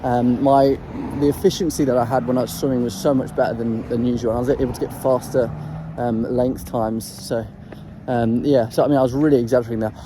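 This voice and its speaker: A man's voice: mid-range voice, fairly even intonation, a little fast, noisy background. A man talking casually in a vlog about singing technique, hesitant and full of ums and restarts, breaking off to demonstrate throat sounds. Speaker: voice coach sharing singing tips.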